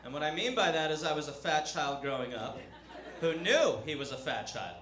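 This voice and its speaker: A man's voice: fairly high pitch, expressive, normal speed, a loud crowd. A man telling a self-mocking stand-up story on a comedy club stage. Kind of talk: stand-up set. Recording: echoey club room with audience noise.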